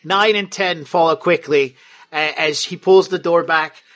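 A man with a fairly high voice narrates a tabletop game as its game master. His manner is playful and wry, and he often laughs between lines. Faint music plays behind him. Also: fairly even intonation, a little slow, a bit bright.

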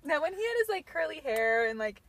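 A woman's voice: high voice, very animated, fairly bright tone, no room sound. A young woman, a podcast guest, chatting casually with many fillers. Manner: chatty, fast, lots of fillers. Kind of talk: casual chat.

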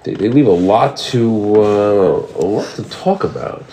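A man's voice: fairly low pitch, lively intonation, measured pace, warm tone, a little hiss or hum. A man co-hosting a casual podcast chat, asking questions with hesitant, filler-heavy delivery. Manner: hesitant, lots of fillers and restarts. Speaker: podcast co-host.

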